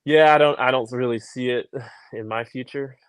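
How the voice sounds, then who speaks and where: A young man chatting as a podcast guest in a relaxed, thoughtful way that trails off. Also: mid-range voice, normal speed, clear, resonant tone, no room sound. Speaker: podcast guest, motorcycle racer. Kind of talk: casual chat.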